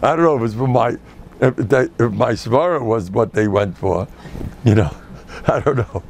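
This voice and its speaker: A man's voice: mid-range voice, normal speed, a little mellow, slight background noise. An older man, a rabbi giving a lecture to a live audience, who jokes and tells stories and acts out the people in them. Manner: joking, storytelling, acts out quoted people.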